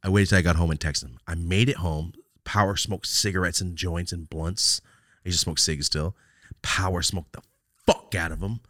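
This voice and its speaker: A young man hosting a podcast, telling a long story in casual, profane chat and jumping into loud quoted outbursts. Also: sits low, steady tone, moderate pace, dry recording, clean studio sound. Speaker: podcast host.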